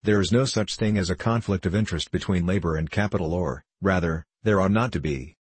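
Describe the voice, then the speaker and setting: A man's voice: sits low, fairly quick, darkish tone, husky, dry recording. A man reading an earnest male bishop. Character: earnest male clergyman, idealistic.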